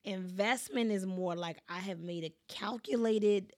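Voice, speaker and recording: A woman's voice: mid-range voice, a little slow, darkish tone, no echo. Emphatic woman giving motivational advice. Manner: emphatic, repeats phrases for effect, often asks "right?"; casual speech with African American English features. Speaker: speaker giving life advice. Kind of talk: motivational talk.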